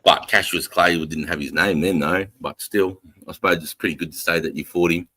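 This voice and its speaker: A man with an Australian accent hosting a casual reaction chat, loud and sweary, laughing as he banters. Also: sits low, steady tone, a little fast. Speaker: streamer host.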